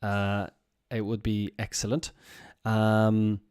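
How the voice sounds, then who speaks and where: A man teaching English on a live stream, speaking slowly and clearly and repeating phrases for learners. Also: lowish voice, completely flat delivery, a little mellow.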